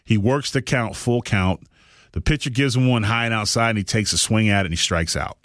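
A man hosting a podcast, telling a long story in casual chat, animated and rambling with frequent restarts. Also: lowish voice, fairly quick, no room sound, clean studio sound. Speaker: podcast host.

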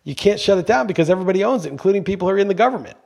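Emphatic, foul-mouthed podcast co-host; a man with a husky, slightly high voice. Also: lively intonation, very fast, darkish tone, dull audio. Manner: emphatic, swears freely when ranting. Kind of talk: casual podcast chat.

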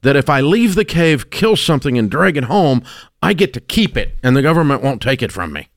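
A man's voice: mid-range voice, sing-song, a little fast, no echo, clean studio sound. Blunt, emphatic man host. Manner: emphatic, blunt, rises to loud exclamations. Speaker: radio show host. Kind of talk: opinionated radio talk. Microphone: studio microphone.

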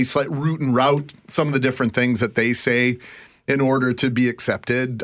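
A man with a Canadian accent co-hosting a morning radio show, trading quick quips in casual banter. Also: medium pitch.

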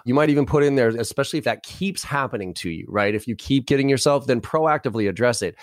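A middle-aged man, talking through sales tactics in a rapid, animated podcast interview and acting out both sides of a sales call. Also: medium pitch, dry recording, studio quality. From Boston area, US. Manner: rapid, animated, role-plays sales calls. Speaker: sales trainer, guest.

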